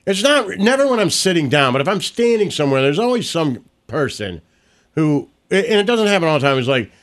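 A middle-aged man co-hosting a casual podcast, blunt and profane with deadpan jokes. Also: on the high side, a little fast. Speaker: podcast co-host.

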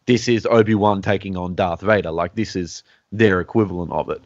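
A man's voice: low-pitched, a little fast, no room sound. A man hosting a casual podcast chat, rambling and restarting as he thinks aloud. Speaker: podcast host. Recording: dull lo-fi, dry room.

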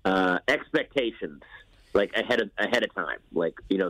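A man who works as a comedian, chatting as a podcast guest with halting restarts. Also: deep voice, expressive, a bit bright, dry recording, poor audio. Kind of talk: casual podcast chat.

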